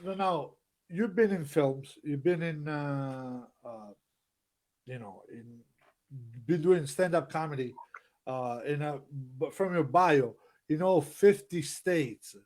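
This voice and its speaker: A male host asking his guest questions in a halting way, with many fillers. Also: on the high side, darkish tone. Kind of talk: casual interview questions.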